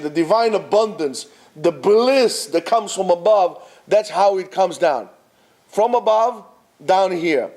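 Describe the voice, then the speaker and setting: A rabbi teaching at a yeshiva, a man with a high-pitched, darkish voice, gives students an informal, exhortative Torah talk sprinkled with Hebrew terms.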